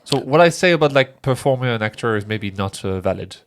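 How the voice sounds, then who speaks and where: A man's voice: mid-range voice, lively intonation, fairly quick. A man co-hosting a casual film podcast, hesitant and searching for words, with nonstandard English grammar. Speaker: podcast co-host.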